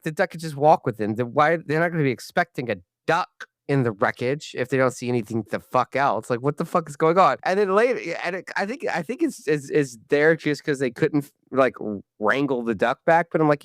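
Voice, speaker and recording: A podcast panelist talks in casual chat with a lively, swooping pitch. The speech is animated, full of stumbles, restarts and swearing. The sound is close and dry. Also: brisk, few pauses, no room sound.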